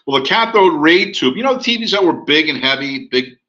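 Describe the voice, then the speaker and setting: A man's voice: on the high side, a little fast, lo-fi sound. A man telling a real estate anecdote in a lecture, acting out the dialogue as he goes. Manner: animated anecdotal, acts out dialogue. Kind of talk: storytelling lecture.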